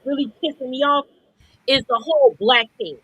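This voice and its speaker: A woman's voice: sits high, moderate pace, fairly bright tone, slightly rough, dull audio. Profane, fiery woman ranting on a podcast. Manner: profane, blunt, confrontational. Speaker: podcast co-host. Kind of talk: heated podcast rant.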